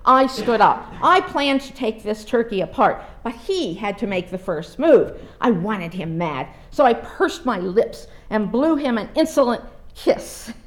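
A woman giving a sermon, reading a story aloud with an expressive, dramatic delivery. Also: a little high, unhurried.

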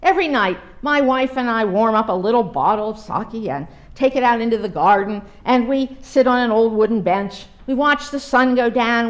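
Gentle old man, beaming and coaxing, read by a woman; lively, lilting lines. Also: mid-range voice, close to an everyday voice. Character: cheerful little old Japanese man, gentle.

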